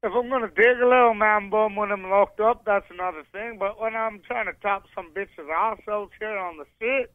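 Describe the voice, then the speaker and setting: A hoarse man from Scotland calling in, bragging in crude, profane tough-guy banter, his voice cracking. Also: high-pitched, normal speed, no echo, narrow, tinny audio. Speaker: caller. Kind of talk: crude comic call-in banter.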